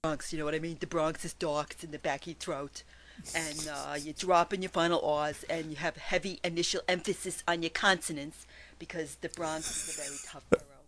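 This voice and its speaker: A woman, explaining city in a chatty, playful way with quick demos. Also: deep voice, steady tone. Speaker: accent tutorial presenter.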